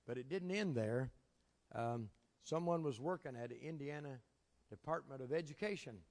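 A man's voice: medium pitch, moderate pace, a little mellow. A man preaching a sermon, telling folksy stories from his ministry with chuckles. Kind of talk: sermon storytelling. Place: church sanctuary. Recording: long reverb of a large hall.

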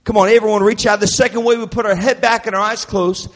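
Man, high voice, goofy teasing kids' preacher, call-and-response, echoey hall. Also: steady tone, quick pace. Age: adult. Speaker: children's minister. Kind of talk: playful children's sermon with call-and-response. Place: church youth event hall.

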